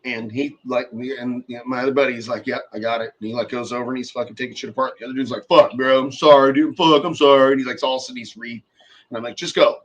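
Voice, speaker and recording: A man's voice: mid-range voice, flat delivery, very fast, dull audio. A man in his forties telling a long workshop story in casual, profane chat, acting out the people he quotes.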